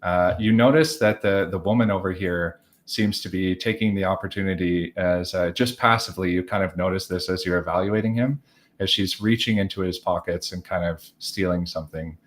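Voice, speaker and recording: A man's voice: low voice, fairly even intonation, brisk. A man running a tabletop role-playing game, narrating in long, rambling chains of "as he just says" with lots of fillers. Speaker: game master.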